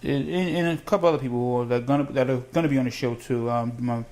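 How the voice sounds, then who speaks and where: A man hosting a casual home cooking show, talking fast and rambling with lots of restarts. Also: medium pitch, fairly even intonation, darkish tone. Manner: fast, rambling, self-correcting.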